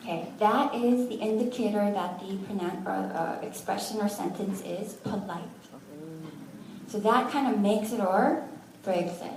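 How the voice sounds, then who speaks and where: Recorded from a distance in an echoey room with background noise, this woman speaks at medium pitch and an unhurried pace. She's leading a language class, breaking words into syllables with patience and tossing in good-humored remarks.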